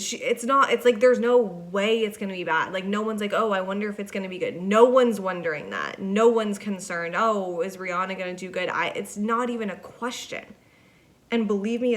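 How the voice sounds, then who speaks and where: A young woman hosting a solo podcast, telling rambling everyday stories in a chatty way and acting out what people said. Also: mid-range voice. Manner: chatty and rambling, acts out quoted voices. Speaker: podcast host. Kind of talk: casual solo podcast monologue.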